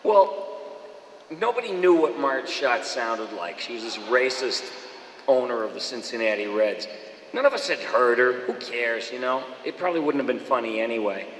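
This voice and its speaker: A man from Boston, a voice actor telling stories at a fan Q&A, animated and dropping into quick impressions. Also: mid-range voice, slight background noise. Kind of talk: casual anecdotal chat. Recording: echoey hall with long reverb.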